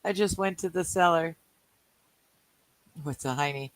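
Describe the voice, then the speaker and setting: A woman's voice: sits low, measured pace, no echo, rough recording. A Canadian woman co-hosting a live game night, reading chat aloud, joking and laughing often while she plays cards. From British Columbia, Canada. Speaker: livestream co-host. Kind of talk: casual chat while playing a card game.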